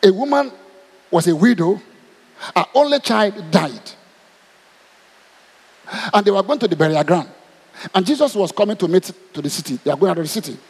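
A man's voice: sits high, moderate pace, creaky, pauses often, breathy edge. A man with a Nigerian accent preaching a sermon, asking his congregation question after question. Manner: animated, asks the crowd questions. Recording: long hall reverb.

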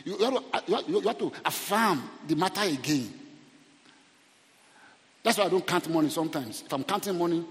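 Middle-aged Nigerian male pastor, lively humorous sermon, slightly high voice, reverberant church hall. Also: brisk, long pauses. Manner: humorous, animated, repeats words.

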